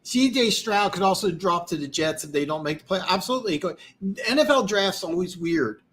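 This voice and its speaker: A man's voice: sits high, expressive, fairly quick, a bit bright. A man hosting a live football stream, tired and losing his voice, rambling boastfully with many restarts. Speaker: host. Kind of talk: live-stream football talk, reading comments.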